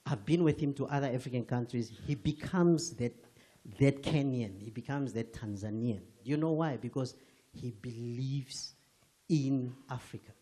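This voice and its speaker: Medium in pitch, with a dark and slightly rough tone, a Namibian man talks at normal speed. Standing among the audience at a book launch in an event hall, he comments earnestly and emphatically, frequently starting over.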